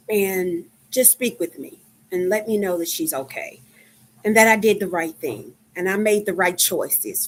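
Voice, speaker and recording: Texan woman, fifties, live-stream host; slow, chatty delivery with frequent ums. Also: fairly low pitch. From Dallas, Texas. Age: 50s. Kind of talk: casual live-stream chat.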